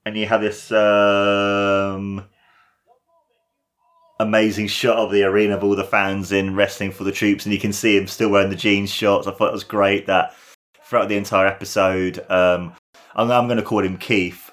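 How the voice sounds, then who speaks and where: A man's voice: fairly low pitch, little pitch movement, normal speed, fairly bright tone. A young man giving casual reaction commentary on a show, gushing and laughing often as he talks. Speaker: reaction video host.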